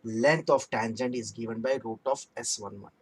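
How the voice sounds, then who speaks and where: A man's voice: mid-range voice, normal speed, slightly rough, low-quality recording. A man teaching a math lesson, working through sums aloud step by step and repeating key phrases.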